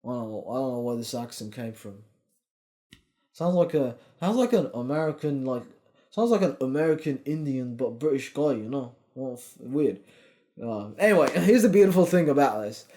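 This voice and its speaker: A man's voice: medium pitch, expressive, normal speed, warm tone. A young man in his twenties, a fitness coach giving a blunt, profane, pushy motivational talk. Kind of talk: casual motivational vlog.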